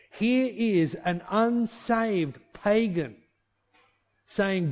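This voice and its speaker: A man preaches with a fairly high, mellow voice. He talks to the congregation casually and keeps firing rhetorical questions at them, speeding up and slowing down for emphasis. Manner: animated, shifting pace for emphasis. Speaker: pastor. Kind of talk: sermon.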